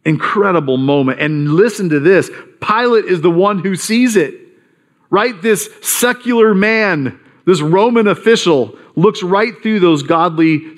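A man preaching a sermon as pastor, earnest and emphatic, acting out quoted voices. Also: fairly high pitch.

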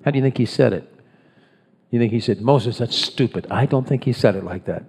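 A man's voice: mid-range voice, fast talker, warm tone, husky. A man preaching a sermon in a conversational way, often restarting his phrases and acting out voices. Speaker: pastor. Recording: long hall reverb.

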